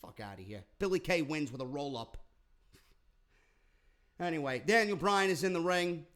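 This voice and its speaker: A man's voice: a little high, fairly bright tone, clean tone. A man recapping a wrestling show in a casual, sarcastic rant full of swearing. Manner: profane, sarcastic, rambling.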